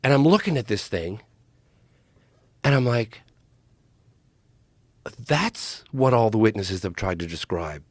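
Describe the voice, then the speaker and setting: A man telling a story with excitement and a lively, rising and falling pitch. He sits close to a studio mic in a dry room, speaking as a podcast guest. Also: slow pace, long pauses, dry recording. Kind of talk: animated storytelling.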